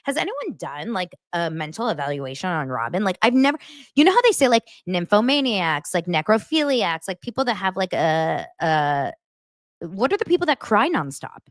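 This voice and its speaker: A woman's voice: medium pitch, sing-song, moderate pace, dry recording, clean studio sound. A woman hosting a podcast, chatting casually through a reality-TV recap and filling her speech with "like". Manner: chatty, fills with "like". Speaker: podcast host.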